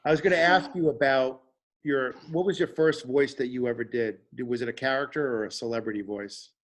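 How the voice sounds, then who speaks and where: A man's voice: medium pitch, fairly even intonation, fairly quick. A man hosting an interview who asks questions with stumbling restarts. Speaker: host.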